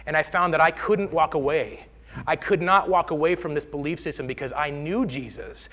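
A man with a slightly high voice tells his personal faith story in a sermon. He speaks earnestly and from the heart, and his delivery is steady and sincere. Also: normal speed. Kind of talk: sermon testimony.

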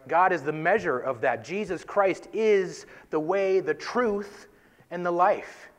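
Brief: man, slightly higher voice, casual earnest Bible teaching, conversational with soft emphatic drops. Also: slow. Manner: conversational, tags points with "right?".

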